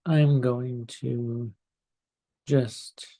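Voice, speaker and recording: A man working as an astrologer, talking slowly and hesitantly with many pauses and fillers as he shares charts on a live stream. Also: mid-range voice, steady tone, mellow. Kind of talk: slow casual live-stream talk. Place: home in California.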